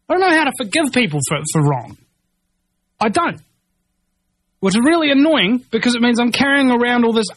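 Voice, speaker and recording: New man, high voice, agitated rambling monologue, dry close sound. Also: a bit bright, dry recording. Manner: agitated, rambling, full of restarts. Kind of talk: ranting monologue.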